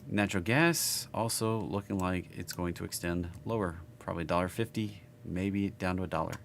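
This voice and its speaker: A man's voice: low voice, moderate pace, gravelly, slight background noise. A man with a Southern US accent giving casual live market chart commentary, rambling and thinking aloud as he works. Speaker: market analysis streamer.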